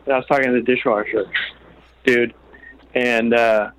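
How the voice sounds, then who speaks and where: A man's voice: mid-range voice, steady tone, moderate pace, fairly bright tone, dry recording. A man telling rambling, profane stories over a phone call from a catering kitchen at work. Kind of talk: casual chat.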